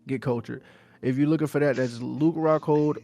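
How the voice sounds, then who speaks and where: A man's voice: on the high side, steady tone, normal speed, dark tone. A man from New Jersey co-hosting a podcast in casual chat, laid-back and repetitive, full of slang. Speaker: podcast co-host.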